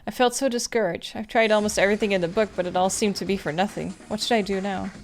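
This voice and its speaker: A woman's voice: mid-range voice, fairly even intonation, quick pace. A woman playing through a mystery game, reading its narration and breaking off to chat candidly about the translation. Her talk is casual and loose, with faint music beneath. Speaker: gaming YouTuber. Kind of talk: let's play commentary and narration.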